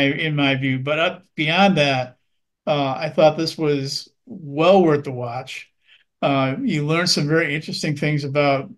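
A male film critic with a slightly high voice gives a measured, earnest review. He often pauses on ums and uhs while weighing his words.

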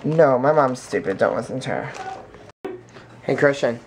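A man vlogging casually, with a rambling, excitable and jokey way of talking, filmed on a handheld camera in a car and then at home. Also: medium pitch, moderate pace, slight background noise. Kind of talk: casual vlog chat. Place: in a car, then indoors at home by a fish tank.

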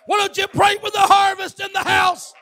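Shouting preacher, high and gravelly. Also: male voice, completely flat delivery, moderate pace, a faint crowd. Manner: fervent, shouting, exhorting the congregation to pray. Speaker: pastor. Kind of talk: Pentecostal sermon, shouted prayer.

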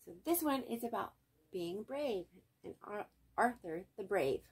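An older woman reading a children's picture book aloud as a storyteller, gently speaking to young listeners. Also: medium pitch, animated, measured pace, husky. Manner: gentle, warm, child-directed.

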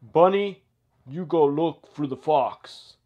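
A man's voice: a little high, takes it slowly. A man voicing a stern male police chief in a toy play video, barking orders. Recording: dull lo-fi sound.

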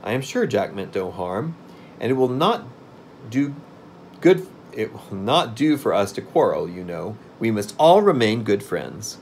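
A man's voice: fairly low pitch, big pitch swings, unhurried, darkish tone, a little hiss or hum. A man reading aloud and voicing a polite, meek young boy with an earnest manner.

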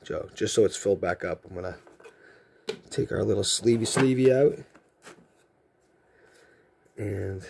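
A man's voice: on the low side, unhurried, vocal fry, pauses often, a little mellow, a little hiss or hum. A man, chatting casually as a trading card vlogger in a rambling way, chuckling and restarting his sentences. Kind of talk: casual chat and storytelling.

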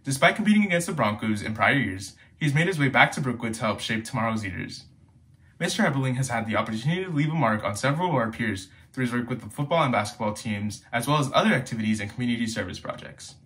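A young man introduces a guest speaker in a formal, scripted way. He reads quickly at a middling pitch. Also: animated, fairly bright tone. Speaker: senior class secretary.

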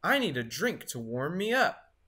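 A woman voicing a cheerful, shivering male snowman in a storybook read-aloud, drawing out the shivery lines slowly. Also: low-pitched, big pitch swings, pushed and bright, breathy edge, full character voice.

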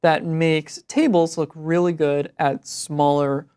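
A man co-hosting a web development show, explaining tools in a relaxed way. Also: fairly high pitch, slow pace, clear, resonant tone. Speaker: co-host. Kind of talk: casual tech show chat.

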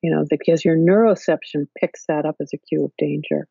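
Brief woman therapist guest, gravelly and husky, unhurried careful explainer, dull lo-fi call audio. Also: deep voice, steady tone, warm tone, dry recording. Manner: thoughtful, explains in careful steps with many fillers. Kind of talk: explanatory interview talk. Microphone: video call.

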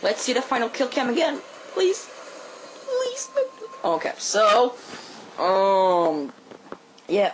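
A man with a Quebec French accent, a native French speaker, talks through his gameplay at an easy, slow pace. He swears freely and breaks into sudden high-pitched yelps and cries during the action. A faint noise hums beneath his voice. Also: vocal fry, poor audio. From Quebec, Canada. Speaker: gameplay commentator. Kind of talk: casual gameplay commentary.

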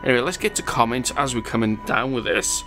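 A man talks casually through a space game session, his pitch sitting in an ordinary middle range. He rambles from one thought to the next and laughs at his own asides. Faint game music plays underneath. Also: lively intonation, quick pace. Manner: chatty and rambling, chuckles at his own jokes. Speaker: gaming channel host. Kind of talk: casual gameplay commentary reading viewer comments.

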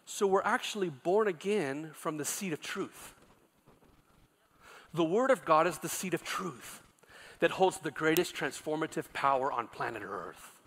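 Male pastor, middle-aged, sermon. Sharp, slightly high voice; story-driven delivery that swells into impassioned calls. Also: expressive, a little slow. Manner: builds from quiet storytelling to loud impassioned preaching.

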